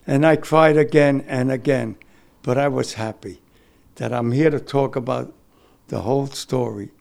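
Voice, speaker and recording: An older man, giving a halting, emotional oral history of his war experience. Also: mid-range voice, fairly even intonation, vocal fry, darkish tone. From New York City. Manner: halting, repeats words, emotional.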